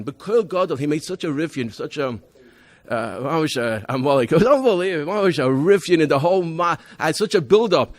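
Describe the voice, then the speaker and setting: A man's voice: on the high side, animated, a little fast. A man, a rabbi, giving a convention talk, telling emphatic stories about his students with many restarts and Hebrew and Yiddish terms. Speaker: rabbi presenting a school program.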